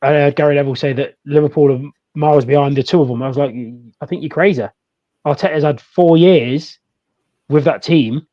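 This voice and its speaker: A man, co-hosting a casual football podcast and chatting in an animated way. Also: a little high, a little fast, dull audio. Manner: chatty, animated, laughs easily. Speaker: podcast co-host.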